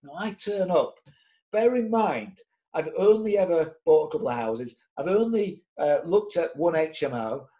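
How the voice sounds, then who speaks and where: A man, telling an animated story to camera and acting out the other people's voices as he goes. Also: fairly high pitch, moderate pace, lo-fi sound. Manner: lively, acts out the other voices in his tale. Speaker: property investor sharing his story.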